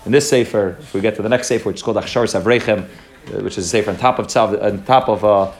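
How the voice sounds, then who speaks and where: A young man teaching a Torah class, talking quickly and animatedly, mixing in Hebrew terms and restarting his sentences. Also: lowish voice, steady tone.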